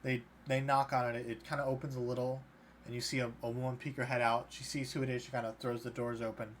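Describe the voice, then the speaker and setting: A man's voice: mid-range voice, level tone, fast. A man narrating a tabletop game as game master, loosely, with many fillers. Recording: faint background noise.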